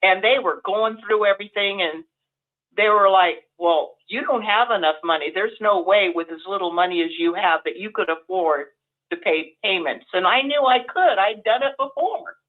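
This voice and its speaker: Woman telling her story over a phone line. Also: mid-range voice. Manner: earnest storytelling, quick and emotional. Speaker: former Jehovah's Witness telling her story. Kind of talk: call-in personal testimony.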